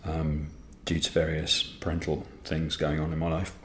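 A man's voice: rumbling low, completely flat delivery, moderate pace, fairly bright tone, echoey room, a little hiss or hum. A sleep-deprived man co-hosting a podcast in rambling, self-deprecating casual chat. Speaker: podcast co-host.

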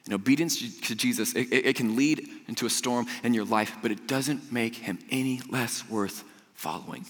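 A young man preaching a casual, storytelling sermon as a youth pastor, chatty and animated, laughing often and stumbling over repeated words. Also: medium pitch, normal speed. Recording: long hall reverb.

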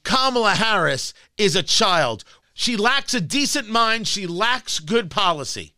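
Radio host guy ranting, high lively voice, bright edge, dry studio mic. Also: a little slow, dry recording. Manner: combative, sarcastic ranting. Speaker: radio talk show host. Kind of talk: political talk radio monologue. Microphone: studio microphone.

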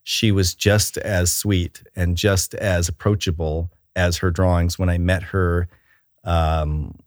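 A middle-aged man, a children's book author and illustrator, chatting in a relaxed interview and telling stories with enthusiasm and many restarts. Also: deep voice, no echo, studio quality.

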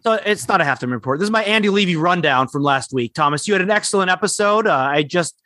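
A man co-hosting a podcast in casual chat, rambling and enthusiastic, with quick asides. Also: sits high, lively intonation, bright, forceful tone, dry recording, clean studio sound. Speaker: podcast co-host.

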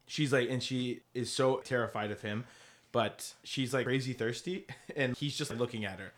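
A man co-hosting a casual podcast, his voice sitting at an ordinary middle pitch. He tells the story loosely, with many restarts and frequent laughs. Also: moderate pace, a little hiss or hum. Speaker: podcast co-host. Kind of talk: casual chat.

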